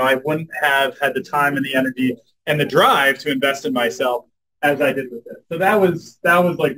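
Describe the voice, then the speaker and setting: Man, young adult, lively storytelling talk, full of fillers. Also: medium pitch, low-quality recording. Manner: animated, says "like" and "um" a lot. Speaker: guest speaker at a club meeting.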